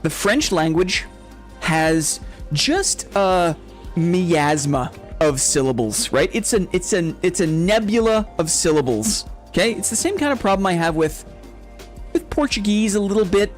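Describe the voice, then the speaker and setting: Male streamer, fairly high voice, rambling casual chat, laughs a lot, faint music underneath. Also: animated, measured pace. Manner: rambling, chatty, laughs often, keeps adding "right?". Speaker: game streamer. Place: home streaming setup.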